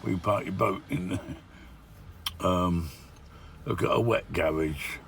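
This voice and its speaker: Older male van-life vlogger, low gravelly voice, chatty with wry grumbles, faint road ambience. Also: slow pace, fairly bright tone, a little hiss or hum. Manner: chatty, with grumbling asides tagged "eh?". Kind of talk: casual travel vlog commentary. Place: outdoors and in a van, touring villages.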